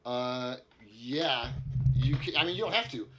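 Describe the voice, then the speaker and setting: A game master who rambles through his explanations and often restarts his sentences. His voice sits at an ordinary pitch for a man. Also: expressive, a little slow, fairly bright tone, highs cut off, slight background noise. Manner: rambling, many fillers and restarts. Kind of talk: narrating a tabletop game.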